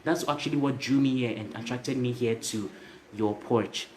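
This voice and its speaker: A man's voice: mid-range voice, moderate pace, lightly acted. A man voicing a concerned male neighbor, asking politely and earnestly in a storytelling aside.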